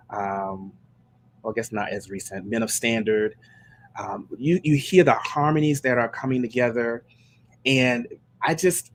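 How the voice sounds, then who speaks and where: A man who sings gospel and leads worship, chatting casually on a live stream and telling stories in a meandering way with many restarts. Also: mid-range voice. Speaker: gospel singer and worship leader.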